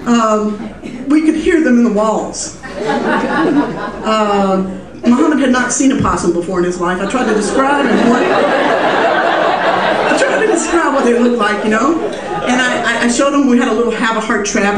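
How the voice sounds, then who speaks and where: A woman's voice: fairly high pitch, normal speed, long pauses, recorded from a distance, crowd noise. A woman telling a personal story live at a small music venue, chatty and self-amused, with plenty of fillers. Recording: roomy live room heard from afar.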